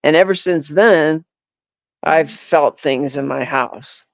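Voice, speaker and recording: A man's voice: fairly high pitch, slow pace, vocal fry, no room sound. A man in casual chat as a podcast guest who rambles and fills his talk with "like" and "you know". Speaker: podcast guest, paranormal investigator. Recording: dull, lo-fi, dry.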